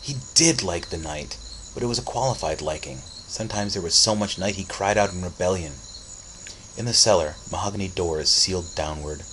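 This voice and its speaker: A man narrating a story as an audiobook reading, with steady, dramatic storytelling. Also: deep voice, slight background noise, poor audio.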